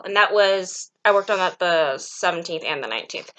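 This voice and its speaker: A woman co-hosting a casual show-and-tell chat, playful and excitable, joking as she goes. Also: lowish voice, moderate pace, few pauses. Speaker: co-host.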